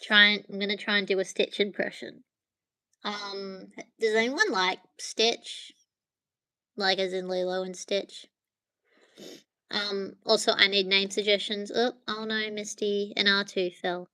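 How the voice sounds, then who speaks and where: A woman streams live from her phone, chatting to viewers in a loose, rambling way. Her voice is bright and crisp. The sound is close and dry. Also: medium pitch, flat delivery, unhurried, dry recording. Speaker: livestream host. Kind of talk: casual livestream chat with viewers.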